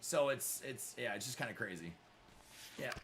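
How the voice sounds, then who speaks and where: A man's voice: mid-range voice, lively intonation, moderate pace, fairly bright tone, slight background noise. A middle-aged man hosting a live gaming stream, chatting with viewers he calls brother, blunt and profane when answering trolls, close to his microphone. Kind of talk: live stream chat while playing.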